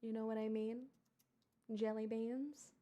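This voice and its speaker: A woman's voice: fairly high pitch, level tone, unhurried, dark tone. A woman hosting a casual livestream, chatting with viewers, thanking them in an exclamatory, wry way. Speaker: livestream host.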